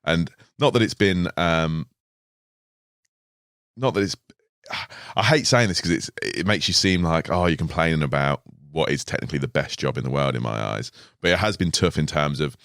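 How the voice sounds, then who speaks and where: A man's voice: extremely low pitch, normal speed, vocal fry, fairly bright tone, dry recording. A man chatting on a podcast in a laid-back, hesitant way, recorded in a podcast studio. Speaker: podcast host. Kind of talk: casual podcast chat.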